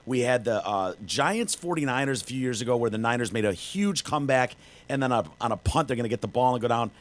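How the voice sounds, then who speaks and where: A man's voice: medium pitch, animated, fast talker. A man hosting a casual podcast, talking sports in a rambling, chatty way. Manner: rambling, chatty, many fillers and restarts. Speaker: podcast host.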